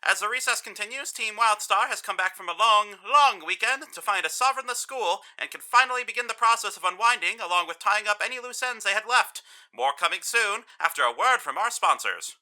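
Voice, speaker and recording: Bright, formal announcer reading notices. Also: female voice, mid-range voice, animated, a little fast, hardly any pauses.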